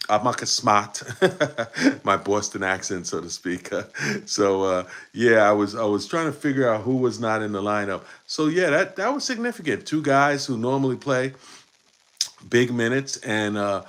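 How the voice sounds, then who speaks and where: A man's voice: mid-range voice, expressive, normal speed, fairly bright tone. A man hosting a live post-game basketball show, talking in a rambling way with many fillers and restarts. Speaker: podcast host.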